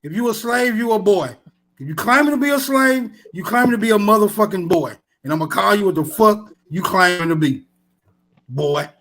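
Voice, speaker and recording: A man's voice: sits high, lively intonation, fairly quick, a bit bright. A man from Texas in a heated online debate, mocking and provocative, repeating his taunts.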